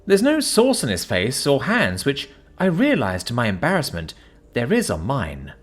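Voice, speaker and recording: A man narrating a science fiction story in an expressive, animated way. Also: medium pitch, moderate pace, husky.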